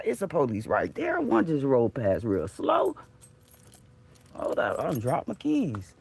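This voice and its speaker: A man's voice: a little high, huge pitch swings, a little slow, gravelly, a little mellow, a little hiss or hum. A man ranting in a preachy, profane way on a live video, recorded on his phone outdoors on a street. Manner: preachy, profane, agitated rant. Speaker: vlogger.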